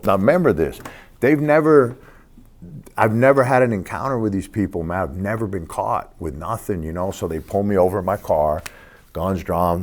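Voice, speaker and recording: A man in his sixties with an extremely low voice sits for an interview and tells his story like he's at the bar. He swears freely and casually, and he acts out the people he talks about. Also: darkish tone. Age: 60s. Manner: profane, streetwise. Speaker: interview guest.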